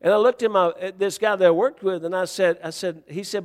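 High-voiced man preaching in a reverberant hall. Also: quick pace, few pauses. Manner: preaching storyteller, rising to near-shouts when reenacting. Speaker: pastor. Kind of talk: sermon.

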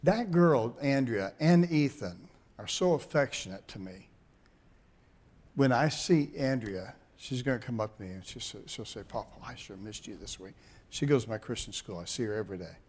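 An older man, a pastor, telling folksy family stories in a sermon, animated and laughing at his own jokes. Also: mid-range voice, moderate pace. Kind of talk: sermon storytelling.

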